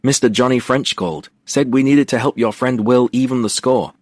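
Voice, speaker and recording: A blunt, menacing casino enforcer with a raised, mocking edge, put on by a man reading an audiobook. He threatens calmly and plainly. The reading is dry and close to the mic. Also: medium pitch, moderate pace, no room sound, voice pushed up, lightly acted. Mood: laughing.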